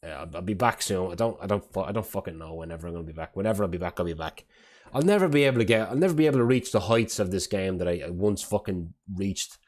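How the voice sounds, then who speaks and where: Man, very deep voice, live-stream chatter, rambling, swears a lot, exasperated. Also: quick pace, hardly any pauses, a little mellow. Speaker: parent. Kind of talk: casual live-stream chat.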